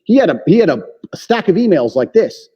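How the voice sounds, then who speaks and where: A man speaking high and lively, his voice dark and husky as he hammers home blunt, profane opinions. The sound is dull and lo-fi with a long reverb tail, like a big room. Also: fairly quick. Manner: forceful, profane, lectures with emphatic claims. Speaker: podcast guest.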